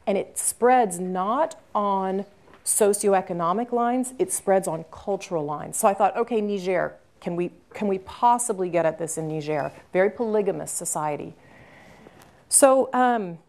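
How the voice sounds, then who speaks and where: A woman's voice: fairly low pitch, darkish tone. A woman guest speaker answering audience questions at a university talk, telling an earnest story with emphatic repetition.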